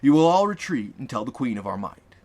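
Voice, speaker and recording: A man's voice: medium pitch, sing-song, mellow. A man voicing an imperious insectoid ghoul warlord. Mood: commanding. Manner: imperious, measured proclamations.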